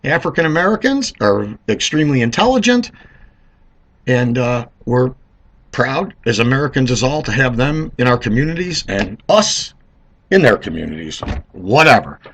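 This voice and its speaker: A man of Italian heritage with a husky voice, rambling through a sarcastic political rant. His pitch swings widely as he jokes and addresses the listener directly. His tone is forceful and edgy. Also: very animated, moderate pace. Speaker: political commentator. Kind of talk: vlog commentary monologue.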